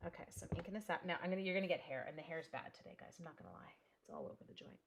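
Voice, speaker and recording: A woman's voice: low voice, big pitch swings, racing, background noise. Chatty woman hosting a craft stream. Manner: chatty, greets viewers by name, thinks aloud. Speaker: crafting demonstrator. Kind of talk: live crafting tutorial.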